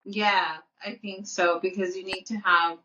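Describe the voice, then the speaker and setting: A woman's voice: mid-range voice, fairly even intonation, unhurried, bright, forceful tone, recorded from a distance, a little hiss or hum. A woman co-hosting a podcast in casual chat. She talks earnestly, restarts often and repeats her words. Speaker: podcast co-host. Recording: muffled audio, off-mic.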